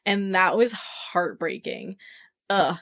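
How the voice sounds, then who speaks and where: A woman's voice: on the low side, expressive, slow pace, a bit bright. A woman co-hosting a book club podcast, casually retelling a novel's scenes and acting out the characters' lines with plenty of swearing. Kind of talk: casual chat.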